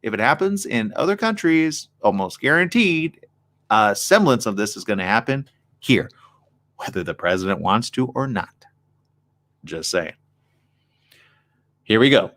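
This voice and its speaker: Animated male live-show host. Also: lowish voice, normal speed, vocal fry, pauses often. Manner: chatty, wry asides between read passages. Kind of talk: live show, reading news aloud with commentary.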